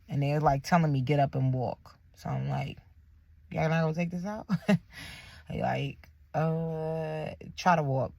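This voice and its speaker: A woman's voice: low voice, vocal fry, dry recording. A young woman tells a personal story, emphatic and blunt. The recording is dry and close. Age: young adult. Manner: candid, emphatic, slangy with faith phrases.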